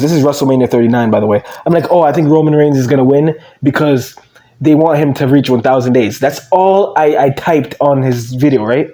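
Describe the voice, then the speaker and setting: A man's voice: on the high side, dark tone. A male YouTuber giving a ranting, mocking commentary, quoting others in whiny voices and laughing.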